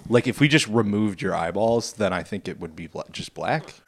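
A man's voice: fairly low pitch, lively intonation, moderate pace. A man co-hosting a comedy podcast, blunt and teasing in casual chat. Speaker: podcast co-host.

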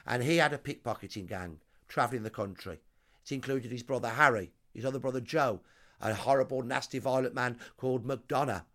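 Guy, history guest, tells it dramatic and punchy. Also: mid-range voice. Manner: emphatic, dramatic lists. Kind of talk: storytelling explanation.

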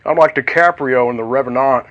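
A rambling, folksy aging football star , as a man impersonates him with a put-on Southern drawl. He talks in loose, self-mocking asides at a middle pitch. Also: fairly quick, dull audio, natural voice. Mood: joking.

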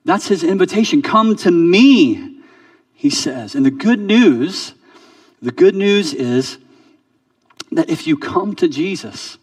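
A pastor preaching in a relaxed, conversational sermon, restarting words and sinking quiet to make a point. He stands back from the mic in a dry, dead room. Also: a little high, measured pace, husky, no echo, far from the mic. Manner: conversational, repeats words, drops soft for emphasis.

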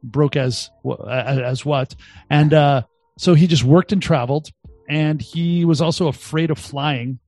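A man's voice: fairly high pitch, fairly even intonation, a little slow, a little mellow, no echo, faint music behind. A man in his fifties with a Boston accent, a guest entrepreneur telling his story with big energy, jokes and acted-out quotes. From Boston, USA. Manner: exuberant, jokey, acts out quotes in voices. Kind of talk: animated storytelling interview.

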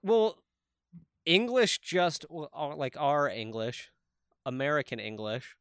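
A man co-hosting a podcast, chatting casually with animated, teasing remarks and casual swearing. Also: on the high side, takes it slowly, clean tone, dry recording, studio quality. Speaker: podcast co-host. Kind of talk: casual chat.

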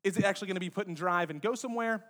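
A man preaching a conversational sermon as a pastor, lively and addressing the congregation directly with joking asides. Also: sits high, very fast. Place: church sanctuary.

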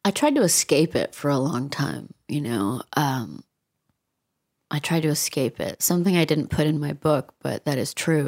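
A woman with a low voice talks candidly as an interview guest. She is reflective and frank, dropping dry asides along the way. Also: creaky.

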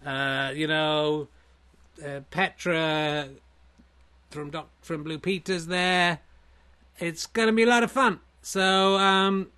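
A man voicing a smug, successful version of himself who brags in a lazy, relaxed drawl. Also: fairly high pitch, slow pace, smooth. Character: smug, laid-back successful man, self-satisfied show-off.

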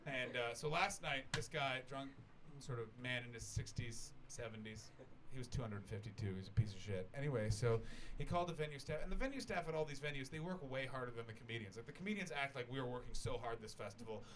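A man's voice: mid-range voice, fast, few pauses, a bit bright, slight background noise. A Canadian man doing stand-up comedy in a small festival venue, telling a long rambling, self-deprecating story full of swearing and acted-out voices. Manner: rambling, self-deprecating, swears freely, acts out voices of the people in his stories. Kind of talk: stand-up storytelling to a live audience.

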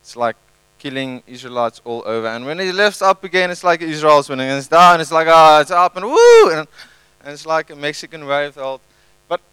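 Male pastor, chatty sermon style, lightly raised pitch, dry. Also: a little fast, clean tone, no echo, rough recording. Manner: conversational, animated, tag questions.

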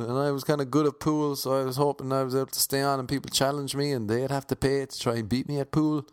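A man's voice: medium pitch, fast, hardly any pauses, clean tone. A man from Cork with an Irish accent telling a comic story, rambling and correcting himself with wry asides. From Ireland, Cork. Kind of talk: comic anecdote monologue.

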